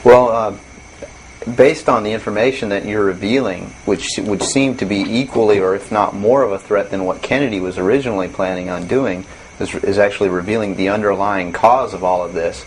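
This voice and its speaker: A man interviewing, asking halting, searching questions. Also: lowish voice, a little hiss or hum, poor audio. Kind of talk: recorded interview.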